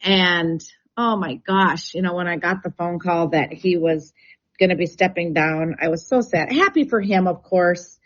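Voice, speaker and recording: A woman's voice: lowish voice, moderate pace. A woman, chatting and telling stories as a radio guest, laughing often. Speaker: real estate agent and radio show guest. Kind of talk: casual radio chat. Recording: dull radio broadcast sound.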